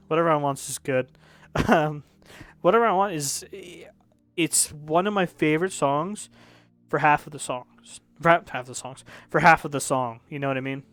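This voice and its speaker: A man's voice: a little high, moderate pace, a bit bright, no echo. A young man casually reviewing music, rambling and correcting himself, frank and a bit profane.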